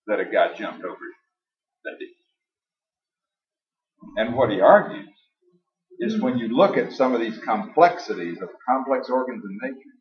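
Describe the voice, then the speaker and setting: A man preaching a sermon in a church hall, emphatic and folksy, slowing down to stress the passages he quotes aloud. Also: medium pitch. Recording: echoey, distant, dull live church recording.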